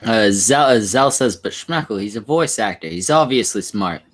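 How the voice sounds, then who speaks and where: A man co-hosting a stream, swearing and rambling through filler words. His pitch rises and falls with lively swings. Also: moderate pace. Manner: rambling, many fillers and restarts. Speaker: stream co-host. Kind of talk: crude casual banter.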